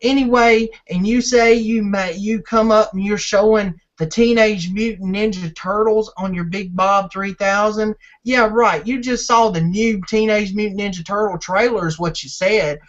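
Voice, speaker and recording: A man's voice: high voice, steady tone, normal speed, few pauses. Ranting man in a lo-fi wrestling promo. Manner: ranting, repetitive, insulting. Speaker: fan channel owner and host. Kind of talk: wrestling trash-talk promo. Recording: dull lo-fi audio.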